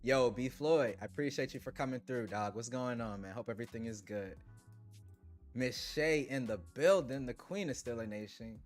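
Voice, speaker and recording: A man hosting a tech livestream, chatting casually with viewers in relaxed slang and laughing often. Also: mid-range voice, moderate pace, faint music behind. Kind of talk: casual livestream chat reading super chats.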